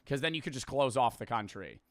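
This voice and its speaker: A man's voice: medium pitch, animated, brisk, slight background noise. A man streaming his reactions to a video, talking casually in a rambling, jokey, profane way.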